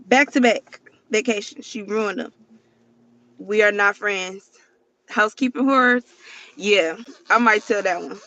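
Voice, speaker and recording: A woman chats on a casual livestream in a bright, forceful voice, swearing freely and talking straight to her viewers. The sound is dry and a little dull and lo-fi, as if it came from a phone or webcam. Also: medium pitch, dry recording. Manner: chatty and profane, keeps addressing viewers. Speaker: livestream host.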